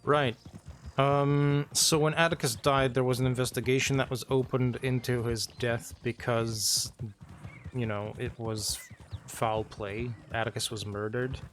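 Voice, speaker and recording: Slow-talking male streamer catching up his chat. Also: medium pitch, flat delivery, a little hiss or hum. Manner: unhurried recap, hesitant with frequent ums. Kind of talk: casual chat with stream viewers.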